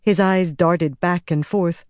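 A woman narrating a fantasy audiobook in a measured, steady way. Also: on the low side, dry recording, clean studio sound.

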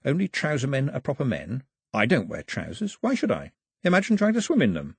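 A man voicing a curious, quietly wry island boy, muttering his thoughts in a low voice. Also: wildly swooping pitch, a little fast, slightly rough, no room sound, studio quality, heavily acted. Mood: puzzled musing.

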